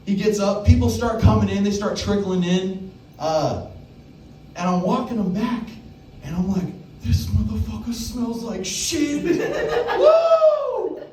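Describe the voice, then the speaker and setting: A young man tells a crude stand-up story at an open mic, jumping into loud acted-out quotes. His voice sits a little high and carries the echo of a small club, picked up from some distance. Faint room noise stays underneath. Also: very animated, slow. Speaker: stand-up comedian.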